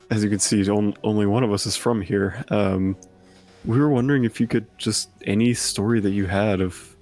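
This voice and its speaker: A man speaking in character during a tabletop game, polite and careful, halting often to find his words. His voice sits somewhat low and moves slowly, with faint music under it. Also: darkish tone. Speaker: player. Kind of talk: in-character role-play.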